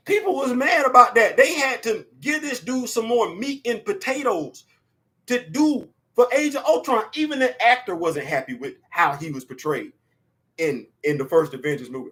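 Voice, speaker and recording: Man, high-pitched voice, excitable casual pop-culture host, shouts and laughs. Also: moderate pace.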